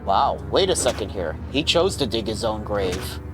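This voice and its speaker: Guy doing a mean mask spirit acting as the dad, sneering and contemptuous, dips low, game music playing. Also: very animated, moderate pace. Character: cruel mask spirit posing as a scornful father.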